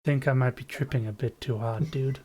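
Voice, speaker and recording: A man's voice: medium pitch, steady tone, a little fast, a little mellow, breathy edge, lightly acted. A man voicing a laid-back, stoned young slacker with a dazed, drawling way of talking in a tabletop game. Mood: spaced-out.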